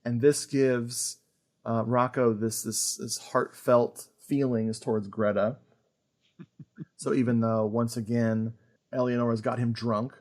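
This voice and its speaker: A man hosting a podcast, chatting casually about an old film, animated and full of fillers and laughter. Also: medium pitch, a little slow. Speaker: podcast host. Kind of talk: casual film review chat.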